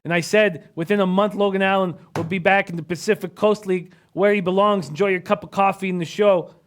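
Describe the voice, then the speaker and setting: A man's voice: sits high, steady tone, fairly quick. A man hosting a casual sports betting livestream, chatting through his picks and reading viewer comments aloud. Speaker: sports betting analyst host.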